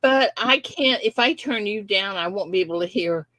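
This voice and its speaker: Lively older woman hosting a livestream. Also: medium pitch, moderate pace, dry recording. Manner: chatty, laughing, fussing with tech. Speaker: livestream host. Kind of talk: casual livestream chat.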